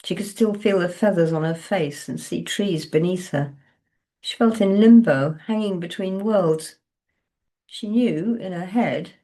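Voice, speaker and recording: Slow, low-voiced woman reading her novel. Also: warm tone. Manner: slow, measured, low-key. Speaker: author.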